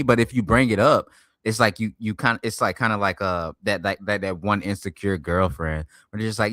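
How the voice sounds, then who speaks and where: A man streaming and reacting to a video, talking loudly in profane slang and swinging between hype and mumbles. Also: on the low side, brisk, no room sound, studio quality. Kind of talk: casual reaction stream chat.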